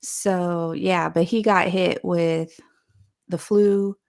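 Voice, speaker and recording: Slow-talking gravelly woman co-host. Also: on the low side, steady tone, a little mellow. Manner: laid-back, laughs often. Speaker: podcast co-host. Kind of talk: casual chat.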